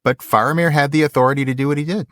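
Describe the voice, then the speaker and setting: A man's voice: fairly high pitch, steady tone, fairly bright tone, dry recording, clean studio sound. A middle-aged man co-hosting a podcast, friendly and agreeable in casual chat. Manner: friendly, agreeable, quick to praise. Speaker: podcast co-host.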